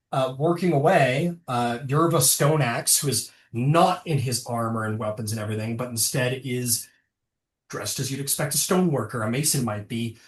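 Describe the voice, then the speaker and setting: A game master narrating a tabletop game, rambling and stopping often to correct themselves. The voice sits at a middle pitch. It carries an echoey room sound. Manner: rambling, full of fillers and self-corrections.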